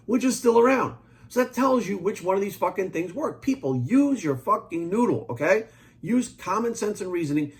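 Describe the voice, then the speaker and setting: Guy in his 40s going off on a rant, swears a ton, talks super fast, pushy and blunt. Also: sits high. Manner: profane, blunt, heated; rapid, pushy, talks straight at viewers. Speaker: fitness coach and supplement maker. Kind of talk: ranting monologue to camera.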